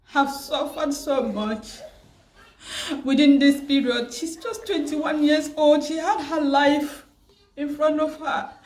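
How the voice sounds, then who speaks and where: A tearful, grieving woman who keeps repeating herself and pausing, vlogging about her loss. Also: high-pitched, reverberant. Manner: grieving, repetitive, pausing often. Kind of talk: emotional personal vlog.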